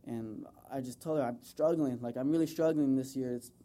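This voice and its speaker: Speaking a little fast in a warm, mid-range voice, this young man from the US addresses a group with a heartfelt but meandering tribute to his mom. His informal speech is full of filler words.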